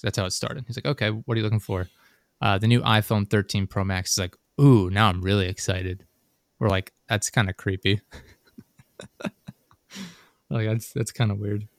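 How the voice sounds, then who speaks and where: A man's voice: on the low side, no echo, studio quality. A young adult man chatting casually on a podcast, telling a rambling story full of fillers and the odd swear word. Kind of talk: casual chat.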